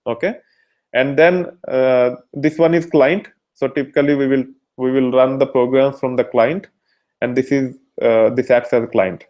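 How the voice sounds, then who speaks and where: A man giving a technical lecture at a middle pitch. He explains patiently, step by step, and fills his pauses with frequent "uh"s and restarts. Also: fairly even intonation, a little mellow. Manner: explanatory, many fillers and restarts. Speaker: instructor.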